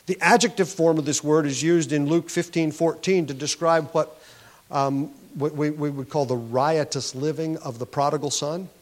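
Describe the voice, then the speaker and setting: A man's voice: on the high side, fairly even intonation, moderate pace. A man preaching a sermon, explaining scripture in an earnest teaching tone, with frequent restarts and words stressed for emphasis. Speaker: pastor.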